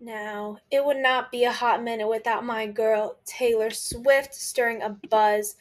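A woman in her twenties hosts a casual solo podcast. She is candid and pokes fun at herself, laughing often. Her voice sits fairly high and sounds dry and close. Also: fairly even intonation, a little slow, no echo, soft background music. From Philadelphia. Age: 20s. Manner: chatty, candid and self-mocking, laughs often. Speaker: podcast host.

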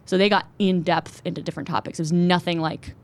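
Young woman reporter, low-ish voice, rattling through her story fast. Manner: quick, animated storytelling. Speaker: TV news reporter. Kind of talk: conversational interview.

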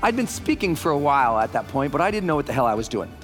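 A man's voice: fast talker, soft background music. A man speaking on stage to a live audience, telling a story with energy and acting out the lines of the people in it in a raised voice. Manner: animated storytelling, acting out quotes in a higher voice. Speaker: motivational speaker. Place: large hall with a live audience. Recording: long hall reverb.

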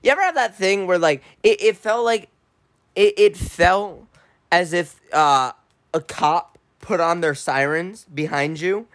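A man's voice: high-pitched, unhurried, fairly bright tone. A young man co-hosting a podcast, chiming in and laughing while telling a story in casual chat. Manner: chatty, laughs and chimes in. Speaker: podcast co-host.

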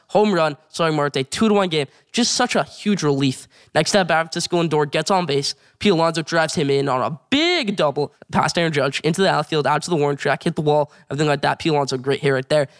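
A man hosting a casual sports show, recapping games and news with excited, rapid play-by-play. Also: on the high side.

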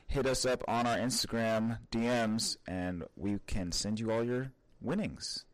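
A man's voice: mid-range voice, fairly even intonation, measured pace. A man announcing a podcast's giveaway winner in a friendly way. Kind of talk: brief announcement.

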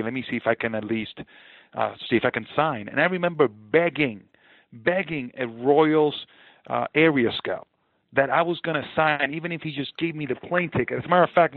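A man in his forties, a former ballplayer, telling his story in an interview with earnest, animated energy and frequent repeated phrases. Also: mid-range voice, no room sound. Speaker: podcast guest, former baseball player. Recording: dry, narrow phone-like sound.

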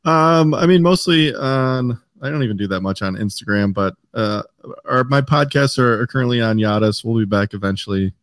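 A man's voice: mid-range voice, normal speed, dry recording. Guy guesting on a podcast, lots of ums, dry sound, mid voice. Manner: hesitant, many ums and restarts. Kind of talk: casual podcast chat.

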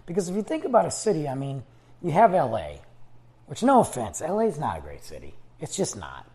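This podcast host speaks a little fast in a mellow, slightly high voice whose pitch swoops wildly. Alone on the mic, he chats loosely and rambles, starting sentences over while he loses his voice.

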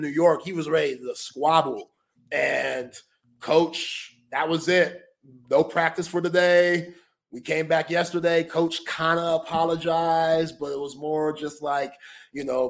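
A man co-hosts a casual sports podcast, spinning an animated tale from his junior college basketball days. He talks in a slightly high register, peppers his story with "like" and "you know," and laughs often. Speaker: co-host, former junior college basketball player.

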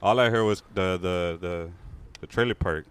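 Young LA dude, kinda low voice, swearing a lot, telling a wild story to his boys. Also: normal speed, clean tone. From Los Angeles. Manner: slangy, profane, animated storytelling. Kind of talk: casual storytelling among friends.

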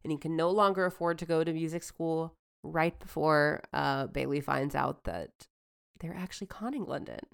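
A woman co-hosting a podcast in casual chat, amused and quick to agree. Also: deep voice, gravelly, clean tone. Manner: amused, quick to laugh along. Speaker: podcast co-host.

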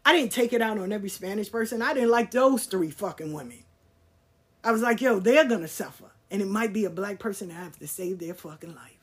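Blunt, profane husky-voiced woman storyteller. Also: medium pitch, animated, a little fast. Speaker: podcast host. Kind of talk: personal storytelling.

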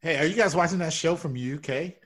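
A man playing an eager office coworker in an improv comedy sketch, talking in an excitable, gushing way. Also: a little high, a little fast. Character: eager male office coworker obsessed with a show.

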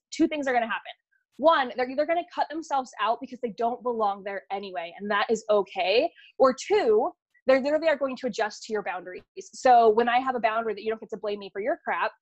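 A woman business coach talking as a podcast guest, rapid and animated, saying "like" and "literally" often. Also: fairly high pitch, no room sound, lo-fi sound. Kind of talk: casual podcast interview.

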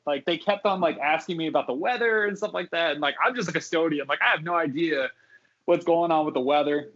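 A man's voice: fairly high pitch, a bit bright, breathy edge, muffled recording. Rambling man telling work stories. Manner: rambling, many fillers and restarts. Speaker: guest, former theme park custodian. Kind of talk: casual podcast storytelling.

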